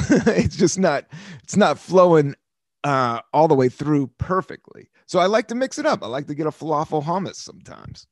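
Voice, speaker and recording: An American podcast host in his fifties talks with a higher-pitched voice that swings widely, moving at a moderate pace. He rambles through stories in a loose monologue, swearing freely and laughing a lot. The recording is studio quality with no room sound.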